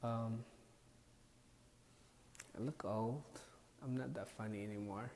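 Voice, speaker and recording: A man, a YouTube comedian, chatting casually and rambling softly as he reads viewer comments on a live stream. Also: fairly low pitch, takes it slowly, long reverb tail, a little hiss or hum. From Eritrea. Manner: soft-spoken, rambling, reading viewer comments.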